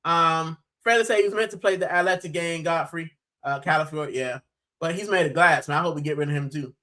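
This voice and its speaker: A man's voice: a little high, fairly quick, bright, forceful tone, rough recording. A man from Puerto Rico hosting a football channel's live stream, chatting casually and animatedly, with plenty of "bro".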